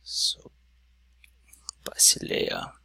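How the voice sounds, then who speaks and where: A man teaching a whiteboard lesson, explaining slowly step by step with many "so"s. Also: bright, forceful tone, dry recording, in a whisper. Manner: slow, stepwise explaining with many "so"s.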